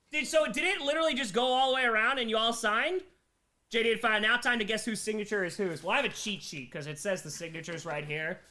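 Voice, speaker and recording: A man hosting a casual live stream, excitedly reading chat messages and thanking viewers. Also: sits high. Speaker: streamer host.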